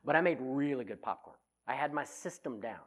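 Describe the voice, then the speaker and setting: A man's voice: mid-range voice, brisk. Middle-aged guy doing a funny talk to a crowd, voice bounces all over, pokes fun at himself. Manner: animated, self-mocking storytelling. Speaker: speaker on personality types. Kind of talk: humorous talk to an audience.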